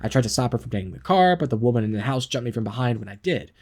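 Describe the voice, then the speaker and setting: A man's voice: mid-range voice, lively intonation, very fast, darkish tone. A man voicing an anxious older man locked out of his home, speaking politely and earnestly. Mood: earnest, flustered.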